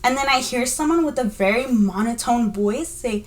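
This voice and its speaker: A woman's voice: on the high side, normal speed, hardly any pauses. A young woman on a podcast, telling a scary dream in casual chat and acting out the dialogue as she goes. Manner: animated, acts out dialogue in her story. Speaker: podcast co-host.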